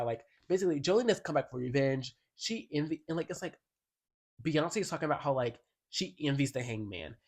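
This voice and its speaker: A man in a casual album review vlog, talking in a sassy, slangy and emphatic way and now and then reading song lyrics aloud. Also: mid-range voice. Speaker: music commentator.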